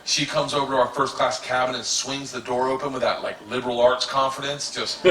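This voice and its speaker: A man in his forties telling a story in a stand-up routine, laughing through it and shouting his punchlines. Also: mid-range voice, a little fast, hardly any pauses. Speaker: stand-up comedian. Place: stage before a live audience. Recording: roomy live recording from a distance, audience noise.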